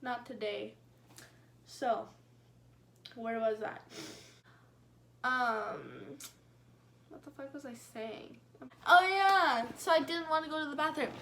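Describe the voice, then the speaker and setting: A woman's voice: sits high, expressive, slow, long pauses, sharp tone, slight background noise. A young woman vlogger telling a storytime in a rambling, casual way, full of fillers and swearing, with wry self-mockery.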